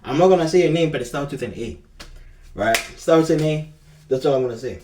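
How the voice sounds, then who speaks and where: A man's voice: a little high, lively intonation, quick pace, dark tone, slight background noise. A young man with a South African accent, rambling through a casual storytime in slangy street talk. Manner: rambling and slangy, keeps calling the viewer bro. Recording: echoey room, mic at a distance.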